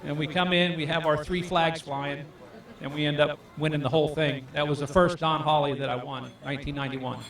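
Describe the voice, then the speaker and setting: A man's voice: a little high, brisk. A man, a fishing guide, telling fishing stories to a live audience and acting out the voices of the people in them. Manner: lively, acts out the voices in his stories. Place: event hall. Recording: echoey room, far from the mic.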